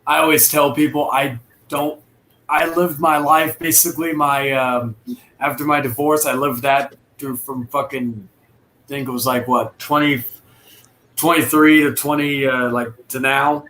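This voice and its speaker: A man's voice: medium pitch, fairly even intonation, a little slow, a bit bright. A man chatting casually about his kitchen job, rambling with many restarts and fillers. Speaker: dishwasher and cook. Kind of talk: casual chat on a live stream.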